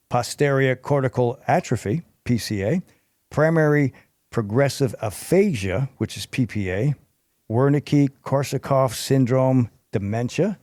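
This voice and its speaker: A man hosts a podcast and reads through health facts from his notes, breaking off now and then for a casual aside. He trips over the harder terms from time to time. His voice sounds close and dry, at a middle pitch. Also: a little mellow, dry recording. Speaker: podcast host. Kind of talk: reading health information aloud.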